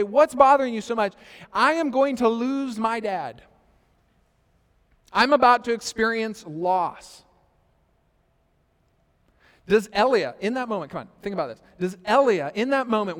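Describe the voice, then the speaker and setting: Male pastor, 30s, high voice, storytelling sermon, big echoing hall. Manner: storytelling with quoted asides, rising and falling loudness. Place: church sanctuary. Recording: reverberant church hall.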